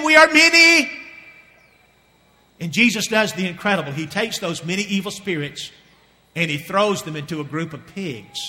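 A man's voice: sits high, pushed and bright, long reverb tail. A man preaching a sermon in a church, telling a Bible story and firing questions at the congregation. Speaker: pastor. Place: church sanctuary with balcony.

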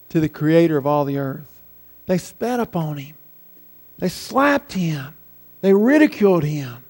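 Slow, high-voiced preacher in a reverberant hall. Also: male voice. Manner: slow and deliberate, dropping soft on key words. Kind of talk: sermon.

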